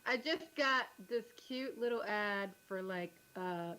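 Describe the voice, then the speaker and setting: A woman's voice: mid-range voice, slow pace, noisy background. A woman in a casual podcast chat who laughs often and asks questions. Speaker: podcast co-host.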